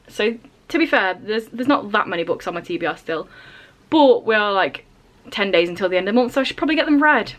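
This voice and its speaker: A young woman chatting casually at home for her vlog, with dry, self-mocking humour. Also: a little high. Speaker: vlogger. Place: at home, indoors.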